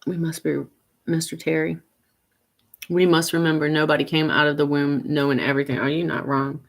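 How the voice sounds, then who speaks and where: Lady in her 50s just hanging out on a livestream, lowish voice, chatty, laughs a lot, reads comments out loud. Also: fairly quick, gravelly. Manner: chatty and animated, laughs often, big swings up in pitch when teasing viewers. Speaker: homesteading livestream host. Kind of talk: casual livestream chat, reading viewer comments.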